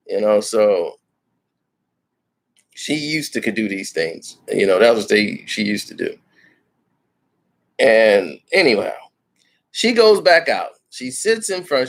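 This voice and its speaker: A man hosting a live stream, telling a comic story in an animated way and giving every character a voice of his own. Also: mid-range voice.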